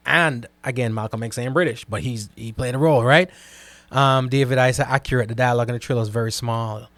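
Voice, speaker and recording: A man in the middle of his range talks straight into a close mic, and the sound is dry, with no room around it. He hosts a casual live stream and reacts to viewer comments in an animated way. He keeps repeating phrases and tags his points with "right?". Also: medium pitch, fast talker, dry recording. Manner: animated, repeats words and asks "right?" often. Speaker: host reading live chat comments.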